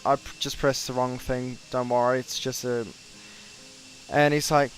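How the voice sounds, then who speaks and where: A man's voice: medium pitch, measured pace, long pauses, soft background music. A young Australian man casually telling a story about work, animatedly acting out what others said. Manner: animated, quotes people in raised voices. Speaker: flight sim streamer.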